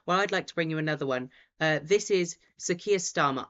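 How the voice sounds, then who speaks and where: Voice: mid-range voice, brisk, hardly any pauses, a bit bright. Chatty live-stream host, dull lo-fi sound. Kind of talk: casual live commentary. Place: at home.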